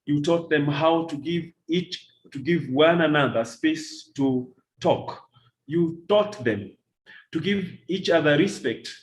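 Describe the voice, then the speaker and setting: Middle-aged male teacher trainer lecturing from slides; slow, measured, repeats key lines. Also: on the high side, low-quality recording. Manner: slow, deliberate, repeats key phrases for emphasis.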